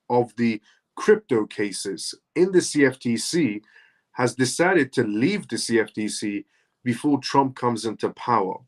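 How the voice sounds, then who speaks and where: A man hosts a live online news stream, talking in a relaxed, chatty way. His voice sits at an ordinary mid pitch. He runs through the evening's topics in casual commentary and leans on filler words like "essentially". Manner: greets chat viewers by name one after another.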